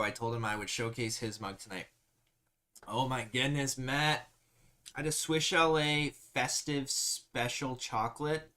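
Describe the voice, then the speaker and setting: A man's voice: mid-range voice, bright, forceful tone. A man hosting a casual live stream, chatting easily and reading viewer comments aloud with frequent laughs. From Canada.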